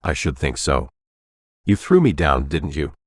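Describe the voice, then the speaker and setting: Guy doing a cranky old navy vet in his nineties, super deep gravelly-low voice, dry close sound. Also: sing-song, unhurried, dry recording, exaggerated voice. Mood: grumbling. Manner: crotchety, prickly. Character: frail cantankerous 91-year-old navy veteran man.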